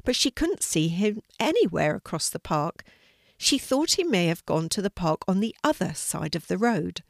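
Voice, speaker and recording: An older woman telling a children's story aloud, in a gentle, expressive way. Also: on the low side, moderate pace, vocal fry, dry recording, clean studio sound.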